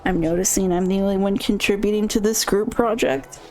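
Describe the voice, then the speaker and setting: A woman's voice: mid-range voice, steady tone, brisk, darkish tone, slight background noise. A woman streamer reading a game's character lines aloud as she plays, with pleading emphasis and dry asides. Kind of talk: reading game dialogue aloud while playing. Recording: faint game music behind. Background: faint game music.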